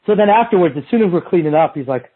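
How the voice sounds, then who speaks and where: Husky man telling a profane story. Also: high-pitched, rapid-fire, narrow, tinny audio. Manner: animated and profane, acts out what others said. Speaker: strength and movement coach. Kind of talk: casual storytelling.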